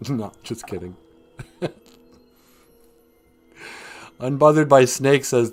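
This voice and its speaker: A man hosts a loose, joking livestream and talks to his chat. His pitch swings widely while he takes his time. Faint music plays under him. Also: expressive, slow. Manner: joking, rambling, talks to chat and laughs at own jokes. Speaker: livestream host. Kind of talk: rambling comedic livestream chat.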